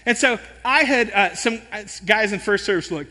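A man preaching a sermon in an animated, self-deprecating storytelling manner. His voice sits high and sounds bright. The sound carries a long reverb, as in a large church sanctuary. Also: moderate pace. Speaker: pastor.

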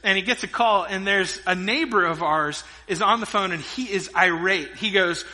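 A middle-aged man preaching a sermon, telling stories with lively energy and dropping between loud emphasis and quiet asides. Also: high-pitched, moderate pace. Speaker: pastor. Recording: long reverb of a large hall.

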